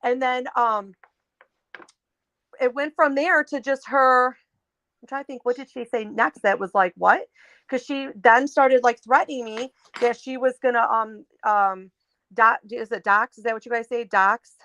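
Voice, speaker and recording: A woman guest on a casual live stream, outspoken and animated, acting out the voices of people in her stories with frequent restarts. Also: on the high side, normal speed, no room sound. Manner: animated, outspoken storyteller acting out quoted dialogue.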